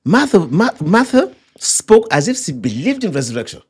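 A man leading a Bible study, teaching with animated retellings of scripture scenes. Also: moderate pace, husky. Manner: animated, acts out quotes with high pitch jumps. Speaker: preacher.

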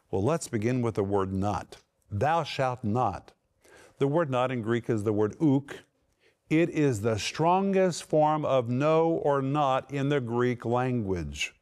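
A man preaching a sermon, teaching verse by verse and slowing down to stress key words. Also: mid-range voice, darkish tone, smooth. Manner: emphatic, slows down to stress words.

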